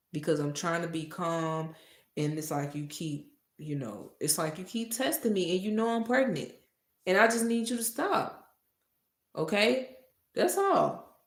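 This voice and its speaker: With a lowish, gravelly voice at a moderate pace, this woman casually recounts a story full of profanity, playing out both sides of a heated argument like the storytime vlogger she is. The recording has a roomy echo.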